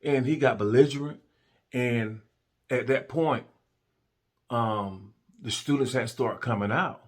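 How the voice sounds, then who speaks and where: Middle-aged guy, ex-cop, casual slangy storytelling, mid-pitched voice. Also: takes it slowly, long pauses. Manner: colloquial, animated retelling. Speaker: former police officer telling a story.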